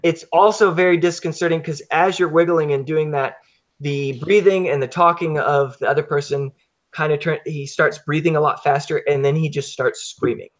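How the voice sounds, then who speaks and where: A man narrating as game master of a tabletop horror game, talking haltingly with fillers and restarts. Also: on the high side, fairly even intonation.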